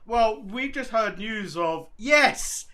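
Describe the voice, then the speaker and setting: A man's voice: high-pitched, animated, normal speed, a crowd in the background. A man co-hosting a casual wrestling podcast, joking and playfully provocative. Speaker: podcast co-host.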